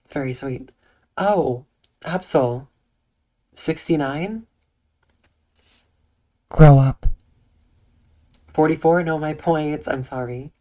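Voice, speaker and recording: A streamer chatting calmly and softly with viewers on a live stream, using eloquent diction and a dry, deadpan delivery. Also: medium pitch, takes it slowly. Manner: soft, calm tone with eloquent diction. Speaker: Twitch streamer. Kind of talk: casual livestream chat reading out viewer comments.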